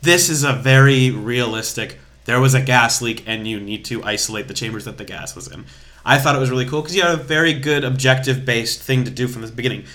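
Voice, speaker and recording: A man's voice: medium pitch, quick pace, bright, forceful tone. A young man co-hosting a casual podcast in an ordinary, mid-range voice. He talks in a chatty way and explains at length, with small restarts along the way. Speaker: podcast co-host.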